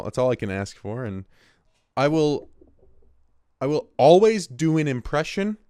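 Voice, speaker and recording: A man's voice: mid-range voice, a little mellow, clear, resonant tone, dry recording, studio quality. Rambling, swearing man in his twenties. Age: 20s. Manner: rambling, profane, restarts often. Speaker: host. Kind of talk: casual solo monologue.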